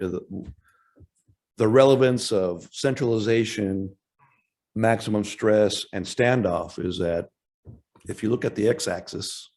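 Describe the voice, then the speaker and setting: A man giving a technical presentation at an industry workshop, talking in a halting way with frequent restarts and self-corrections. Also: on the low side, a little mellow.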